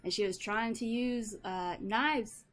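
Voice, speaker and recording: A woman's voice: on the high side, slow, soft background music. A woman voicing a playful halfling village woman in an attempted Irish accent that slips toward Southern US, telling stories with frequent "aye". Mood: cheerful. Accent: attempted Irish, slipping toward Southern US.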